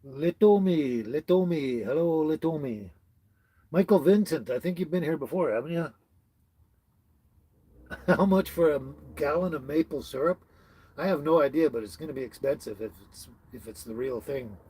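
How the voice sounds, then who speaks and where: A man with a somewhat high, husky voice hosts a laid-back livestream. He chats with viewers, chuckles often and trips over names as he reads their comments aloud. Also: normal speed, long pauses, dark tone, no echo. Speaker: livestream host. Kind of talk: casual live chat reading viewer comments. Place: tiny house on wheels.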